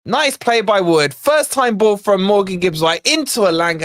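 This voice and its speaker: A man hosting a live football watch-along for a fan channel, narrating the play in a chatty way, talking to his viewers and breaking into excited shouts at near misses. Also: high voice, normal speed, no room sound, clean studio sound. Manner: excitable, bursts into shouts at chances then calms; chatty asides to viewers in the chat.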